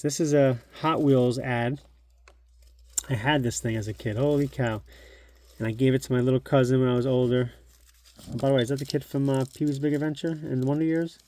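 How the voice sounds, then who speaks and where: Thinking aloud as he displays an old magazine at home, a middle-aged man hosting a collectibles channel chats in a nostalgic, casual show-and-tell. His voice is medium-pitched and dark, with a little hiss or hum in the recording.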